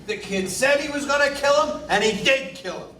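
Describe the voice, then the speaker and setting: A pushy, hotheaded juror. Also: male voice, very high-pitched, moderate pace. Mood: insistent. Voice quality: forceful, insistent. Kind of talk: 1950s film drama. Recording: roomy film soundtrack, distant, faint hiss.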